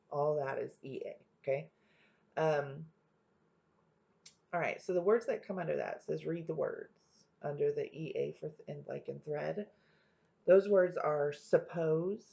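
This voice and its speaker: A woman's voice: sits low, vocal fry, dark tone, slightly rough. A woman teacher leading a reading lesson for young students, patiently explaining step by step and checking in often. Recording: dull lo-fi home recording.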